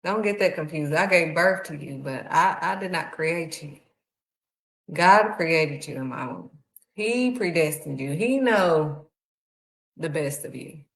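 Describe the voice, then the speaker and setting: A woman's voice: low-pitched, animated, unhurried, fairly bright tone. Woman preaching heartfelt, in an echoey room. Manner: heartfelt, conversational preaching with acted-out quotes. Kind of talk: sermon.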